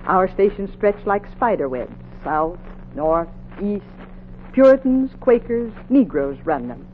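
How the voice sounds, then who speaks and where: A devout Quaker woman, steady and righteous, unshaken by the patrol. Her mid-pitched voice comes through a tinny old radio recording with faint hiss. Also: takes it slowly. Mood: instructive. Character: calm, devout Quaker woman sheltering runaways. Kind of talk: 1950s radio drama acting.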